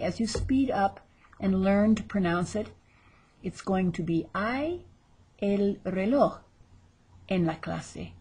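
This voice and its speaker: A woman's voice: medium pitch, dark tone, slightly rough. A woman teaching vocabulary in a recorded lesson, repeating each word with exaggerated pronunciation and adding chatty asides. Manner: chatty asides between drills. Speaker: Spanish teacher.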